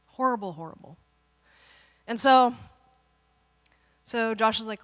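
Animated woman pastor, bright voice. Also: on the high side, takes it slowly, long reverb tail. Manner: animated, dramatic storytelling with playful asides. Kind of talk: sermon storytelling.

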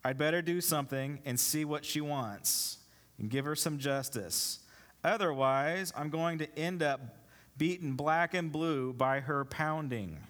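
A man preaching a sermon, easygoing in his asides and slow and deliberate when he reads scripture. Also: a little high, a bit bright. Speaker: pastor.

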